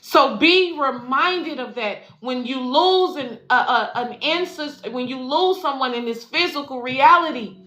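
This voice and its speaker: Profane, bright woman spiritual reader. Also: high voice, expressive, unhurried, hardly any pauses. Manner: profane, affectionate, preachy, addresses viewers as y'all and baby. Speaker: spiritual life coach and intuitive reader. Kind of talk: casual tarot reading livestream. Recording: echoey room with faint music.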